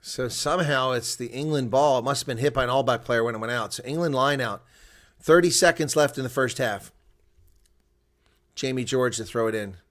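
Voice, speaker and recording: With a medium-pitched voice and a fairly quick delivery, a man provides live play-by-play and color for a rugby match by himself. He's talkative and excitable, swinging from loud outbursts to asides under his breath.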